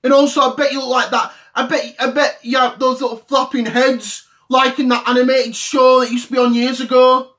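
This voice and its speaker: Man as English footie fanboy, mid-30s, high-pitched, indignant repetitive rant. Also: level tone, brisk, a bit bright. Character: ranting English football fan, man in mid-thirties, easily offended. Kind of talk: comedy sketch rant to camera.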